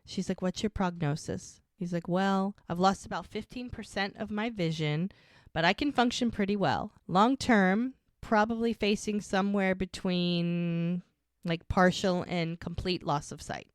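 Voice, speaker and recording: A woman's voice: mid-range voice, measured pace, no room sound, clean studio sound. A woman co-hosting a podcast, casually recapping a TV episode and acting out the characters' lines. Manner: animated retelling, quoting characters' lines. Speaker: podcast co-host.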